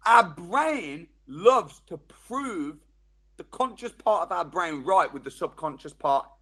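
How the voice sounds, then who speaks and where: Animated man giving a lively seminar talk. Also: sits high, slow, breathy edge. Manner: animated, acts out quoted inner voices; addresses the audience directly with questions. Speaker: seminar speaker. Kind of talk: live motivational seminar talk.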